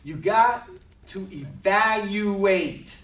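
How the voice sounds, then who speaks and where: A man preaching a sermon to a congregation, joking and then rising to shouts. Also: high voice, extremely slow, reverberant, distant mic. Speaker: minister. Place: large hall with live congregation. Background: congregation responding.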